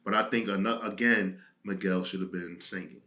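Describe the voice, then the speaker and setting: A young man with a fairly low voice chats casually as a co-host. He tells stories in an animated way, acting out his friends' lines. The sound is roomy, with a clear echo. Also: normal speed. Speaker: podcast co-host. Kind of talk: casual chat.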